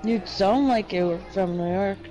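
A woman's voice: medium pitch, normal speed, mellow, some chatter behind. A young mother chatting casually while gaming, teasing and laughing a lot.

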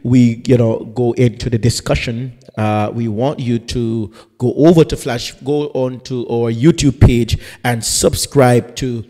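Mellow-voiced male pastor hosting radio talk. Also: mid-range voice, steady tone, measured pace, few pauses, big-room sound. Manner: chatty and teasing, rambling asides. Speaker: pastor and radio show host. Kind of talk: live radio talk show introduction.

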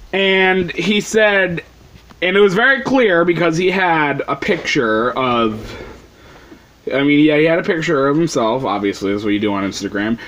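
High-voiced man ranting and swearing. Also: a bit bright, a little hiss or hum, poor audio. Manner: rambling, sarcastic, swears constantly. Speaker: vlogger. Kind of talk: profane ranting commentary.

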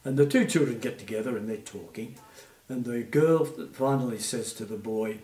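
A man's voice: fairly low pitch, moderate pace, few pauses. Elderly Australian man, echoey and distant. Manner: gentle anecdotal storytelling, frequent fillers. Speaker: retired puppeteer guest. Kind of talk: reminiscing interview. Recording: echoey room, off-mic.

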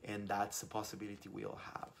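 A young adult man hosting a live stream, reading out viewer comments and talking with effusive, enthusiastic warmth. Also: lowish voice, monotone, fast, creaky. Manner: enthusiastic, effusive, repeats words. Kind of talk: casual live stream talk.

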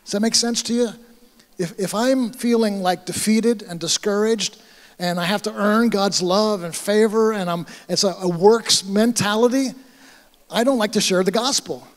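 High-voiced American pastor preaching. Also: male voice, moderate pace, big-room sound. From United States. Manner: storytelling, acting out dialogue, animated. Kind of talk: sermon. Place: church hall.

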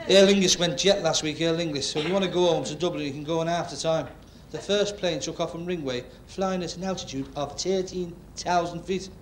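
A man's voice: fairly high pitch, moderate pace. A man with a Liverpool accent doing a brash, bantering stand-up routine in a working men's club. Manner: brash, bantering, chatty with the crowd. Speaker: stand-up comedian. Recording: echoey club hall, background noise.

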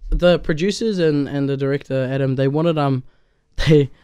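A young New Zealand man talks loosely through an interview, leaning on "like" and "um". His voice sits a little high, and the sound is dry and close. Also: steady tone, moderate pace, mellow, smooth, no room sound. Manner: chatty, loose, full of "like" and "um". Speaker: actor being interviewed. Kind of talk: casual interview chat.

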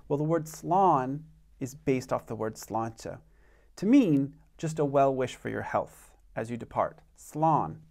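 Slow, patient male language teacher. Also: medium pitch, darkish tone. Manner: slow, patient, models phrases for repeating. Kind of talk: online language lesson.

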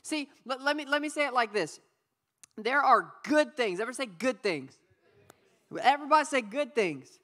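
Lively woman preaching to youth. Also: high voice, a little fast. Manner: lively, playful, calls for audience responses. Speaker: youth pastor. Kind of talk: youth sermon. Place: church youth service.

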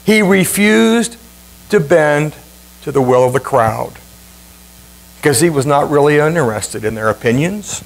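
A male pastor preaching a sermon with emphatic, dramatic repetition and swings in pitch. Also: moderate pace, long pauses, rough recording. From Ohio, USA.

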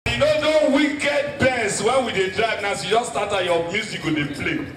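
A man with a Nigerian accent doing stand-up comedy, telling stories with animated delivery and shouting his punchlines to the crowd. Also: high-pitched, normal speed, soft background music. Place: comedy stage before a live audience. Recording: echoey stage from far off with crowd.

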